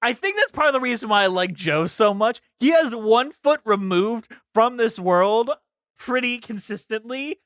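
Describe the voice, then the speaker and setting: A man's voice: very high voice, animated, normal speed, fairly bright tone, clear, resonant tone, no room sound. A man co-hosting a casual podcast, rambling along as he reads out trivia facts. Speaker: podcast co-host.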